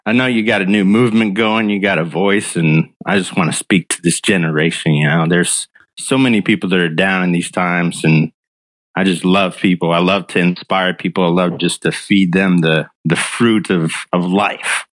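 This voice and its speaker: A man's voice: low-pitched, fairly even intonation, moderate pace, fairly bright tone, dry recording. A man guesting on a friend's podcast, earnest and upbeat, joking as he talks. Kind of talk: casual podcast chat.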